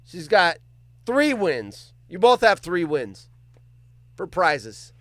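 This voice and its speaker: A man hosts a casual livestream and chats with his viewers, joking and cursing as he reacts to their comments. His voice sits high and swings widely in pitch, and the close, dry recording keeps it clear and near. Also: slow, dry recording. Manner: animated, joking, swears freely. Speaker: livestream host.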